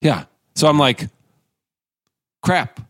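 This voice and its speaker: Gravelly-voiced man telling a rambling story. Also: lowish voice, fairly quick, no room sound, studio quality. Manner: animated, acts out quoted voices; rambling with restarts and asides. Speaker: actor and guest. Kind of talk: casual storytelling chat.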